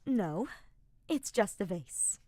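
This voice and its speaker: Woman reading as a calm, patient mother mage. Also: mid-range voice, slow, no room sound.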